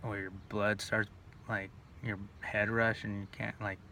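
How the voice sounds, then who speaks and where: Rambling, swearing man, gravelly. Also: on the low side, flat delivery, measured pace, bright, forceful tone. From Northern California. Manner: rambling, profane, full of "like" and restarts. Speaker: vlogger telling personal stories. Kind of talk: casual rambling monologue. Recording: distant mic with faint background noise.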